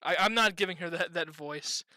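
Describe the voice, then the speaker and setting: A man's voice: high voice, normal speed, sharp tone. A man streaming a game, chatting casually and joking about the voices he does. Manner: chatty, self-mocking. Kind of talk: casual gameplay commentary.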